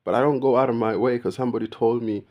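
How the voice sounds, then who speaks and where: A man's voice: medium pitch, steady tone, fast, muffled recording. A man talking casually straight to the viewer in a rambling monologue, often calling the listener "bro" and mimicking the greetings of other people. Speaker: vlogger.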